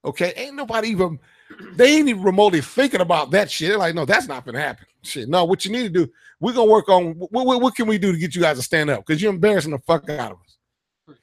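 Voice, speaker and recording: A man's voice: high voice, lively intonation, fast, no room sound. Heated, profane man ranting, dry sound. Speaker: radio show host. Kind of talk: casual political rant.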